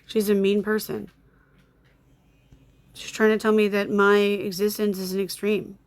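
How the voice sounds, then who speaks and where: A young woman, openly irritated, rants and swears while muttering to herself. Her voice sits mid-pitch and keeps swinging between heated outbursts and low, grumbling asides. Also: little pitch movement, a little slow. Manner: agitated, swearing, mutters while blocking users. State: upset and irritated. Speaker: content creator. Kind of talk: angry screen-recording rant. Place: home with dogs, construction noise outside.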